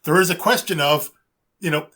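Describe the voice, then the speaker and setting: A man co-hosting a podcast, talking casually and haltingly with many repeated words and fillers. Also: a little high, pushed and bright. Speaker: podcast co-host.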